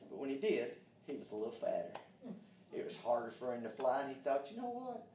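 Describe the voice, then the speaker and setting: Fervent preacher in echoey room. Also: male voice, mid-range voice, steady tone, a little fast, a little hiss or hum. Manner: fervent, calls out amen, drops to hushed tones. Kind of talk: sermon. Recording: echoey room, mic far off.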